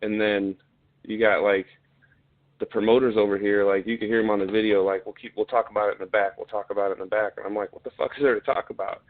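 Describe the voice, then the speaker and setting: A man's voice: fairly low pitch, little pitch movement, fast. A man telling a story in a casual, blunt way, swearing often and getting heated. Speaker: podcast guest, fighter. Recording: tinny phone-like line.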